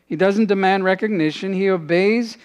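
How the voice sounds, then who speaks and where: A man delivers a sermon in a notably high, light voice. He preaches earnestly and sinks to a hushed tone in prayerful moments. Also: moderate pace, clean tone. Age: adult, father has passed away. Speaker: pastor.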